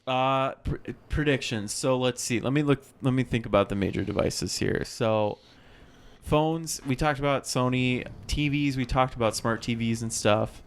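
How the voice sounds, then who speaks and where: Young man, podcast co-host, casual chat, gravelly, medium pitch. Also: normal speed. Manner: rambling with fillers.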